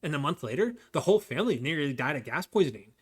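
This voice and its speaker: A man voicing a worried adult woman who complains in a brisk reading. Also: on the high side, very animated, slightly rough. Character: fretful adult woman, worried about her parents.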